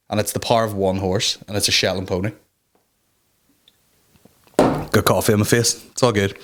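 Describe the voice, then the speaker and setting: A man's voice: on the low side, steady tone, brisk, long pauses, a bit bright. A young man hosting a comedy podcast from home, ranting casually in a sweary, rambling, self-mocking way. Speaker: podcast host. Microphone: talking to a camera.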